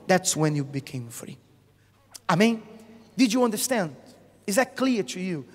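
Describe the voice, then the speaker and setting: Male preacher, high and highly animated, emphatic sermon with call-and-response, long theatre reverb. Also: normal speed. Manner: emphatic, with rhetorical questions and call-and-response "Amen?". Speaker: bishop preaching. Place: large theatre hall.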